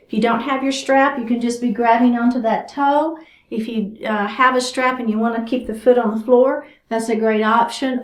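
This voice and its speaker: A woman teaching a chair yoga class, giving chatty, encouraging cues while doing the stretches herself. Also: a little high. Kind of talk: guided exercise class instruction. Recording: roomy echo.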